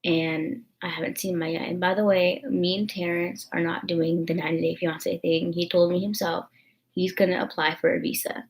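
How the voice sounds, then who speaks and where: A woman's voice: lowish voice, level tone, moderate pace. A young woman vlogging in a rambling, emotional, confessional way, full of fillers. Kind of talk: casual confessional vlog chat.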